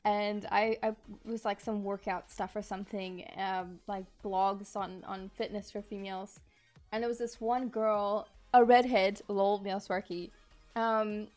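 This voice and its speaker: A woman's voice: mid-range voice, fairly even intonation, unhurried, darkish tone. Chatty woman streamer, music faint behind. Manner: chatty, reads chat aloud, laughs often, apologetic. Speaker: streamer, figure sculptor. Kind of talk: casual live-stream chat.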